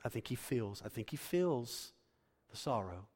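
A male pastor delivers a sermon in a church sanctuary, his voice rising to loud emphasis and then dropping to near-hushed tones. His pitch sits in an ordinary middle range for a man. A long reverb trails each phrase through the hall. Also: big pitch swings, unhurried, husky.

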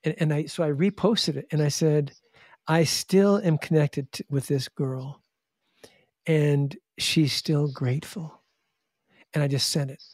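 A man telling stories in an interview in an animated way, often restarting and acting out the people he quotes. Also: on the high side, unhurried, dry recording, studio quality. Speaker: charity founder and guest. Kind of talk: interview storytelling.

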